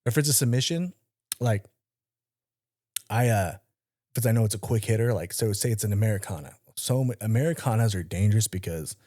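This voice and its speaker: A man's voice: fairly low pitch, animated, brisk, long pauses, mellow. A man co-hosting a casual podcast chat. He talks bluntly and with emphasis, curses freely and fires off direct instructions like a coach drilling his students. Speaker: podcast co-host.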